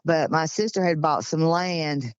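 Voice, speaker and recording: A woman's voice: low voice, a little slow, clear, resonant tone, no echo, lo-fi sound. A woman in her sixties with a Georgia accent, telling a story in a chatty, rambling, folksy way. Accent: Southern US, Georgia. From Georgia, USA. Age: 60s. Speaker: guest recounting encounters. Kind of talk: casual storytelling.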